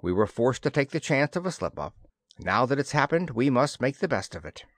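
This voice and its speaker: A man voicing a cold, calculating senior male official who speaks calmly and wearily in a storybook reading. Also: medium pitch, no room sound, studio quality. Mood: measured. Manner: calm, measured, weary.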